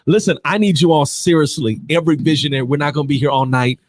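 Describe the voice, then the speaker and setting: A man hosting a live podcast stream, energetic and repetitive as he calls out to viewers. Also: fairly high pitch, fast talker, background noise. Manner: exuberant, repeats himself, calls out to viewers. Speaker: podcast host.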